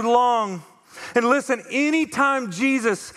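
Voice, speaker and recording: Animated man preaching in a hall. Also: very high-pitched, takes it slowly. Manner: conversational, animated, acts out quoted voices. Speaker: pastor. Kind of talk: sermon. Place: church auditorium.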